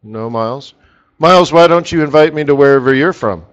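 A man's voice: a little high, a little fast, dull audio. Chatty man rambling on a live trading stream. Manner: chatty, rambling storyteller who laughs at his own jokes. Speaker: forex market strategist hosting a live session. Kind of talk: casual live-stream commentary.

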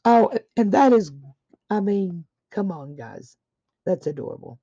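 A woman speaks slowly in a dark, gravelly, husky voice, pouring out effusive praise as she unboxes a gift. Her throat sounds a little dry. The recording is dull and lo-fi. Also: medium pitch, animated. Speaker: craft vlogger opening happy mail. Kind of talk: casual unboxing chat. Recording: dull lo-fi audio.

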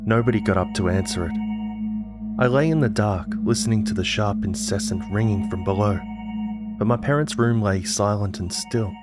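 A man giving a scripted narration of a horror story in a measured storytelling manner. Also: fairly low pitch. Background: music.

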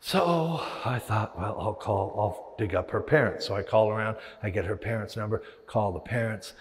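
This male preacher speaks a bit low and at a moderate pace. Delivering his sermon in a big church hall, he tells lively stories and voices the characters inside his head, all wrapped in the long echo of the hall.

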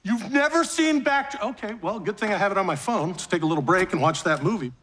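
An actor playing a boastful firefighter who rattles off film trivia, in a sitcom. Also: male voice, high-pitched, racing, fairly bright tone. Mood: enthusiastic. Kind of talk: sitcom acting.

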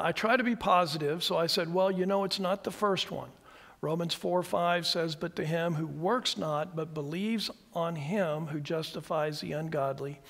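A man's voice: a little high, creaky, fairly bright tone, in a large hall. A man teaching a church workbook class, telling stories as he walks the class through diagrams step by step. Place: church hall.

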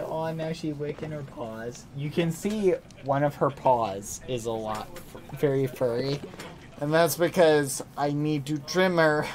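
A man's voice: medium pitch, measured pace, a little hiss or hum. A young man chatting casually on a live gaming stream, playful and doting, humming little made-up songs and cooing at his pets. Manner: coos at his pets in a baby-talk tone. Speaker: livestreamer.

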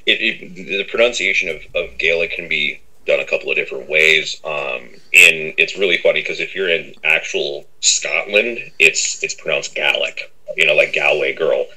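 Very deep, bright-toned rambling man. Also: moderate pace, hardly any pauses, rough recording. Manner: rambling, with many fillers and a habit of repeating "on that end". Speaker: interview guest. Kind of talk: casual interview talk.

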